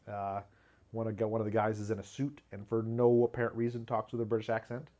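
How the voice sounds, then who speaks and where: A man hosts his own show from a small home studio, rambling from one aside to the next and mocking himself as he goes. His voice leaps up in pitch whenever he acts out what someone said, and he laughs at his own jokes. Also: fairly quick. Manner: lively pitch jumps when acting out quotes. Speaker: video show host. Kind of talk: casual comedic monologue. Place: home studio with black curtain behind.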